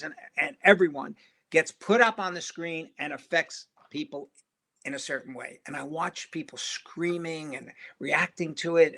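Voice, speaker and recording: An older man, a film director, telling anecdotes in an interview and acting out the voices of people in his stories. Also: fairly high pitch. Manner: animated storyteller who acts out quoted voices.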